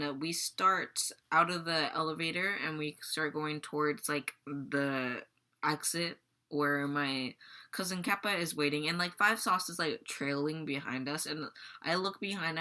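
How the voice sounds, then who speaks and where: A woman's voice: sits low, pushed and bright. A teenage girl vlogging casually, rambling and giggling as she retells a dream. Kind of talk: casual storytelling vlog.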